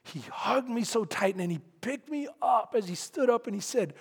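Man preaching, very high voice, breathy, animated storytelling with shouts, big hall reverb. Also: moderate pace. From San Antonio, Texas. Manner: animated storytelling, bursts into shouts, then drops quiet and earnest. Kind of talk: sermon storytelling. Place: large hall, speaking to a congregation.

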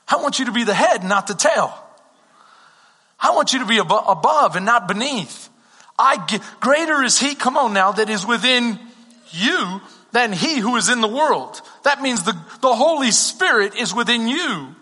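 A man's voice: sits high, lively intonation, unhurried, sharp tone, husky, long reverb tail. A Texan man preaching a sermon as pastor, talking conversationally and asking the congregation questions.

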